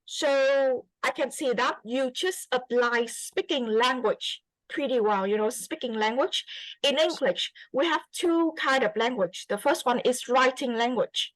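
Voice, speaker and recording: High-voiced woman teacher, slow and encouraging. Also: fairly bright tone, dry recording, poor audio. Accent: Vietnamese. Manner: encouraging, repeats phrases, many fillers. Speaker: English teacher giving feedback. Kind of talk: classroom feedback to a student.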